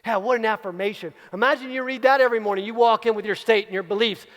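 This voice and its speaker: High-voiced man giving an emphatic keynote. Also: fast talker, hardly any pauses, fairly bright tone, in a large hall. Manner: emphatic, repeats key phrases for effect. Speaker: leadership coach. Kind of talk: motivational keynote talk. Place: large event hall at a live retreat.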